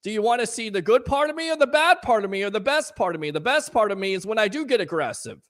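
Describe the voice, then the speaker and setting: A man hosting a live call-in sports talk show, ranting in a fired-up, sarcastic way and shouting at times. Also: high voice, lively intonation, quick pace. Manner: sarcastic, scolding critics.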